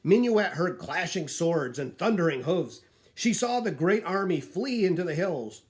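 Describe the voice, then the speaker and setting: A man reading a children's picture book aloud in an expressive storytelling manner. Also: sits high, a little slow.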